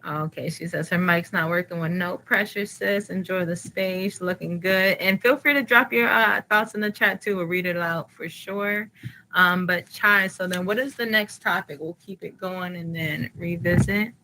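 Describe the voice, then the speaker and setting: Brief: easygoing woman host, slightly low pitch, conversational. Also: moderate pace, a little hiss or hum, low-quality recording. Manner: relaxed, conversational, lots of fillers. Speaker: podcast host. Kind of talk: casual chat.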